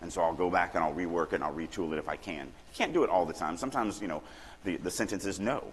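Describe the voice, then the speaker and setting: A middle-aged man from Louisiana giving a casual, animated writing workshop talk at a conference, acting out quoted lines now and then. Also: low voice, fast. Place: conference hall. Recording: long hall reverb, faint room noise.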